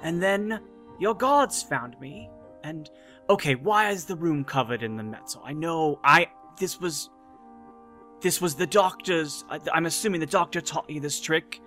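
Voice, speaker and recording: A man playing a wry Time Lord hero trapped in a villain's body in a tabletop game, halting and sarcastic. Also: a little high, animated, bright, forceful tone, soft background music. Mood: puzzled. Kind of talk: role-play in a tabletop game.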